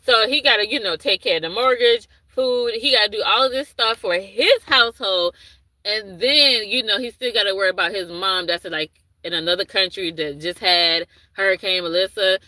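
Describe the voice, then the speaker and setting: A woman's voice: mid-range voice, moderate pace, pushed and bright, no room sound, rough recording. A woman chatting casually on a livestream, rambling and losing her thread as she answers viewers' comments. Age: adult with a young son. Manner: reads and answers chat comments aloud. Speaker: livestream host.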